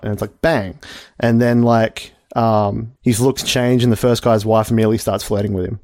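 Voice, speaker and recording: A man's voice: mid-range voice, steady tone, normal speed, darkish tone, no room sound, studio quality. Rambling giggly man telling a joke. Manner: rambling, giggly, lots of fillers and asides. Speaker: podcast co-host. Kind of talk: casual comedic chat, retelling a joke.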